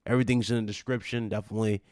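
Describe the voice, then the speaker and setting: A man hosting a gaming stream, chatting casually and giving laid-back shout-outs. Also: on the low side, fairly even intonation, racing, no room sound, studio quality. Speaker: stream host.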